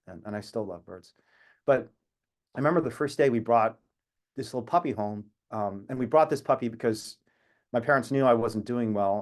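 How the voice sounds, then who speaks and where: A man's voice: mid-range voice, a little mellow. A man speaking as an activist on a video call, telling a personal story in an earnest, reflective way with long tangents. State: emotional at times.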